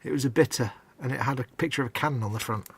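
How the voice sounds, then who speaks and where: A man chats easily on a livestream, reading out viewers' comments and trading stories. His voice is slightly husky and sits at a middle pitch. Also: rapid-fire. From northern England. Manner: chatty, reads out viewer comments. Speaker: co-host of a livestream. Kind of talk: casual chat.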